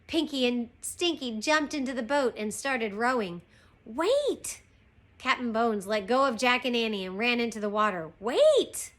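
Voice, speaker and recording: A woman teacher reading a chapter book aloud to her class, slow and expressive. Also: a little high. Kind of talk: storybook read-aloud.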